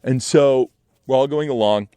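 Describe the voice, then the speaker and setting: A young adult man telling a casual story in an animated way, acting out other people's lines. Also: medium pitch, normal speed, smooth, no room sound, clean studio sound.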